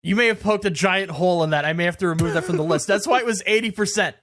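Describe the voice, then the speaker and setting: A man co-hosting a podcast, telling a story in casual chat, animated and laughing at himself. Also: high voice, fast, no room sound. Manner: animated, laughs through his own stories. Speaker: podcast co-host. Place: podcast studio.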